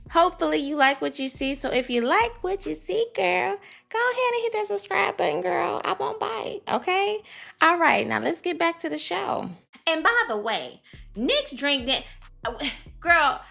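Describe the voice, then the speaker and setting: A woman recapping a reality dating show in a casual vlog, sassy and animated, calling the viewer "girl" as she talks. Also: fairly high pitch.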